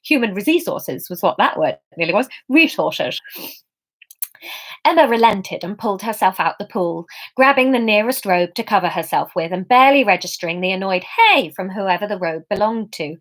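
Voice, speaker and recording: A woman's voice: mid-range voice, lively intonation, fairly quick, hardly any pauses. Playful woman reading her own story aloud. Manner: playful, chatty, laughs at her own jokes.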